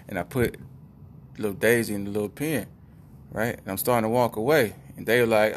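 A man's voice: fairly low pitch, a little fast, a little hiss or hum. A middle-aged man telling a comic personal story in a rambling, conversational way with lots of asides.

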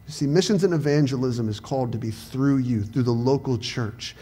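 A man's voice: medium pitch, fairly quick, few pauses, dark tone, slightly rough. A male pastor with a Southern US accent, preaching a sermon with earnest emphasis that swells at times. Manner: earnest preaching, rising to raised emphatic passages.

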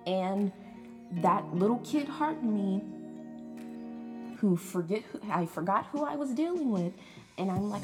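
A young woman talking in a blunt, profane, animated way in a casual monologue, with music playing behind. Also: mid-range voice, normal speed. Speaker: vlogger. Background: background music.

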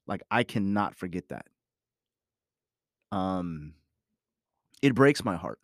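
Deep-voiced and slow, with vocal fry and wide pitch swings, a man shares a personal story about his family as a parent. He rambles emphatically in a casual monologue, cursing frequently and leaning on "you know," recorded in a clean studio with no room sound.

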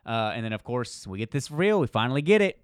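A man co-hosting a casual comic book chat, animated and swearing casually, acting out lines as he talks. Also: medium pitch, quick pace, smooth, no echo, studio quality. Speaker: comic book podcast co-host.

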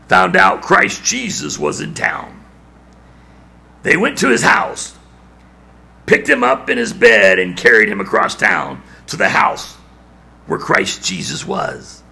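A male preacher giving a dramatic sermon, building to shouts and dropping to near-whispers. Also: lowish voice, very animated, takes it slowly, gravelly, pauses often, slightly rough.

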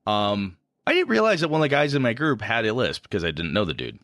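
Low, bright-voiced man chatting casually. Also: big pitch swings, fast talker, no room sound, studio quality. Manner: rambling, self-deprecating, full of fillers. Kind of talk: casual chat about tabletop gaming.

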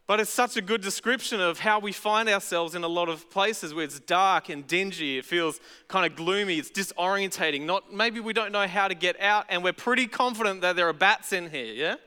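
A man's voice: high voice, moderate pace, sharp tone, clean tone. A man with an Australian accent preaching a sermon as pastor, talking in a chatty, conversational way with casual asides. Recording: echoey hall.

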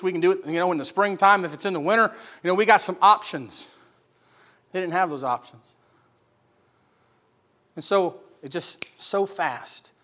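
A man preaching a sermon, retelling a scripture story vividly with rhetorical questions and swings between loud emphasis and hushed lines. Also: high voice. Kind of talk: expository sermon.

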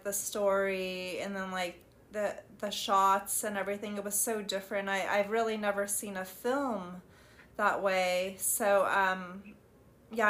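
A woman's voice: mid-range voice, fairly bright tone. A woman hosting an interview, gushing enthusiastically and filling her talk with "like" and "um". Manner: enthusiastic, gushing, lots of fillers like "like" and "um". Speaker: interviewer, host. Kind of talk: casual interview chat.

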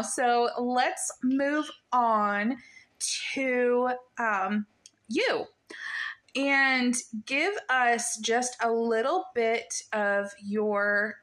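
A woman's voice: on the high side, fairly bright tone. Chatty woman podcast host. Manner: chatty, many fillers, laughs easily. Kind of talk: casual podcast interview.

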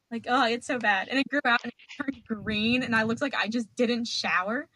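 A woman's voice: a little high, fast talker, bright, forceful tone, no room sound. A young woman telling stories as a podcast guest, chatty and dramatic, laughing as she goes. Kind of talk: casual storytelling.

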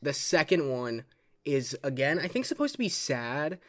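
A man's voice: on the high side, very animated, moderate pace, fairly bright tone. A man co-hosting a podcast in casual chat, blunt and dry, swearing casually. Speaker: podcast co-host.

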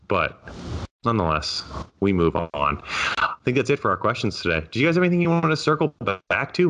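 A young man hosts a casual podcast, his voice sitting very low yet bright and forward. He talks sarcastically, swears freely and drops quick deadpan asides. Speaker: podcast host.

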